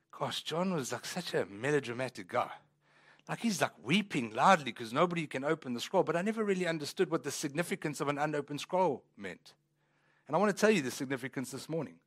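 A man's voice: high-pitched, fairly bright tone. A man pastor preaching a sermon in a church, talking conversationally and rising into emphatic swells.

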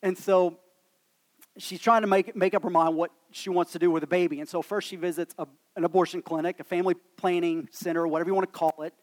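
A man's voice: sits high, steady tone, fast talker, a little mellow. A man, a pastor preaching a sermon in a church in a conversational, self-deprecating storytelling manner. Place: church sanctuary.

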